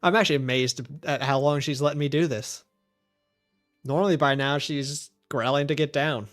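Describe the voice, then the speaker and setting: A man streaming a video game, chatting in a casual, rambling way and talking softly to his pet. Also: mid-range voice, fairly even intonation, moderate pace, faint music behind. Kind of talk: casual chat while gaming.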